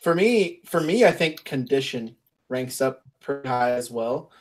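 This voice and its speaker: A man's voice: medium pitch, lively intonation, a little slow. A chatty man telling short anecdotes as a reseller panelist on a live video call. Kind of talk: casual live-stream chat.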